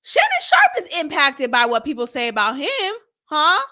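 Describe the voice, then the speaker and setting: A woman hosting a podcast, giving casual commentary on an interview in an animated, expressive way and acting out the quotes. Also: high-pitched, normal speed. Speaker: podcast host reviewing an interview.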